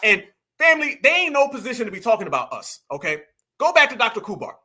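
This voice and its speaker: High bright-voiced mocking male host. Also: big pitch swings, fast, slight background noise. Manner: mocking, laughing, addresses viewers as family. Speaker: commentary show host. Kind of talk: casual reaction commentary.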